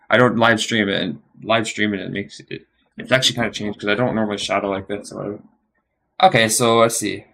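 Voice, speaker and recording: A man live streaming his study session, thinking aloud in a rambling way, correcting himself and slowly sounding out phrases. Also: lowish voice, gravelly, a bit bright.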